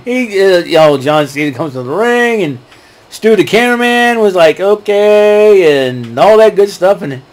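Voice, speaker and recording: Guy rambling thru a recap, kinda highish voice, lots of uhs, laughs at his own jokes. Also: lively intonation, measured pace. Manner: rambling, many fillers and restarts, chuckles at his own jokes. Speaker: wrestling show recap host. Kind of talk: casual solo recap talk.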